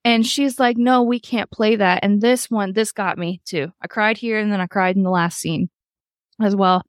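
A woman's voice: mid-range voice, fairly even intonation, normal speed, no room sound, clean studio sound. A woman hosting a podcast, chatting casually through a reality-show recap, swearing freely and acting out quotes. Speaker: podcast host.

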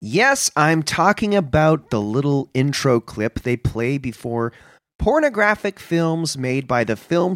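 A man co-hosting a comedy podcast in a mid-range, very lively voice. He defends absurd points deadpan and mock-earnest, often halting as he goes. The sound is dry and close. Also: medium pitch, no room sound. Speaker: podcast co-host. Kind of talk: casual comedic chat.

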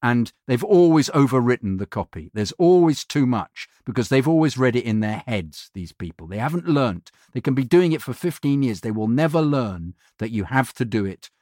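A man, a voiceover actor, telling animated anecdotes in a casual interview. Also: medium pitch, normal speed, hardly any pauses, no echo, clean studio sound. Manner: animated storyteller, mimics other voices in quotes. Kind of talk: anecdotal chat.

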